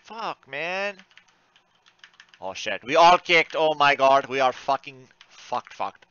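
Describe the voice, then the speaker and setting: A man giving live commentary while playing an online game, cursing often and swinging between frantic outbursts and low muttering. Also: expressive, a little slow, bright, forceful tone, smooth, no room sound, highs cut off. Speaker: gaming streamer.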